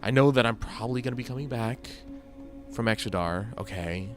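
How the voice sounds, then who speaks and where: A man's voice: mid-range voice, a little fast, faint music behind. A man giving casual, rambling gameplay commentary, thinking aloud and poking fun at himself. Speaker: gaming video host.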